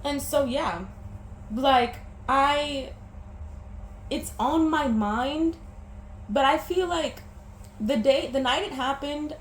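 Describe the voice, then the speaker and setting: Young woman venting about a breakup, teary and halting, fairly high voice, roomy echo. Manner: emotional, talks through tears, stumbles and restarts. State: teary, sniffling. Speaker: vlogger. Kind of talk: personal vlog about a breakup. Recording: echoey room with faint background noise.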